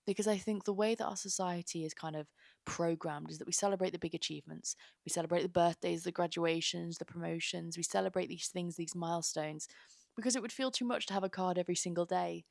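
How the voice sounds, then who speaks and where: A woman's voice: fairly low pitch, steady tone, quick pace, vocal fry, darkish tone, no room sound, studio quality. A young woman hosting her own podcast, talking earnestly and rambling with lots of fillers. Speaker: podcast host. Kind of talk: casual heartfelt podcast monologue.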